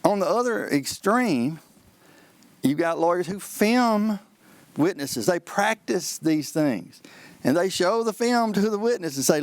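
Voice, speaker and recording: A trial lawyer talks listeners through courtroom practice in a folksy, lively manner. His voice sits a little high for a man. The sound is dry and close, with no room around it. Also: a little slow, no room sound. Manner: folksy, animated, acts out courtroom exchanges. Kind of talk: explaining on a call-in advice show.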